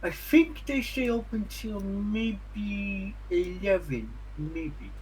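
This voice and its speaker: A man's voice: high voice, takes it slowly, a little mellow, a little hiss or hum, low-quality recording. A man narrating as the game master of a streamed tabletop game, answering players playfully. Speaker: dungeon master.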